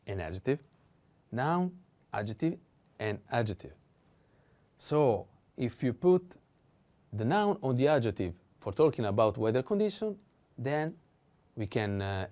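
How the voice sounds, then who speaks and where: Male language teacher; unhurried, filler-heavy explanations, lively pitch. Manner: slow, halting explanations with frequent fillers. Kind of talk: language lesson.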